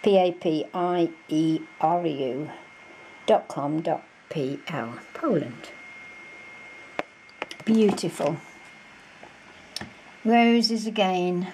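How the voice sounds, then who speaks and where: A woman's voice: fairly low pitch, expressive, drawn-out words, long pauses, dark tone, a little hiss or hum, low-quality recording. A woman crafting vlogger in a casual show-and-tell, chatty and gushing, with many fillers, recorded on a camera mic at home.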